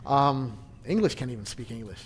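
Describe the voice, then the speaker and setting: A man's voice: mid-range voice, animated, moderate pace, long reverb tail, slight background noise. A man casually leading a church history class, chatty and joking, with frequent restarts.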